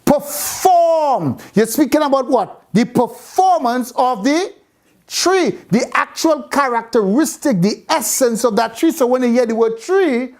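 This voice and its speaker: A woman's voice: high voice, expressive, a little slow, darkish tone. A woman teaching a Bible class, repeating phrases and quizzing her students with questions. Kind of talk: interactive scripture class.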